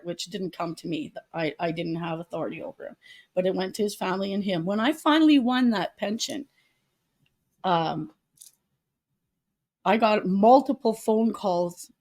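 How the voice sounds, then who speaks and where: A woman's voice: medium pitch, expressive, normal speed, a little mellow. A middle-aged woman, a podcast guest, earnestly telling a personal story and acting out the people she quotes. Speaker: podcast guest, public advocate. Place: retreat venue.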